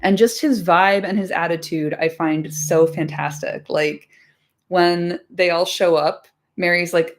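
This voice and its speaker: A woman's voice: fairly low pitch, steady tone, measured pace. A woman hosting a casual livestream chat, chatty and laughing often, with lots of "like" and casual swearing. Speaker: podcast host.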